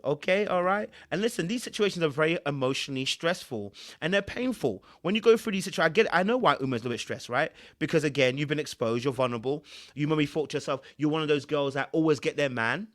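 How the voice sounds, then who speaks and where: A man's voice: fairly high pitch, animated, fast talker, fairly bright tone. A man, a relationship coach giving emphatic, preachy reaction commentary.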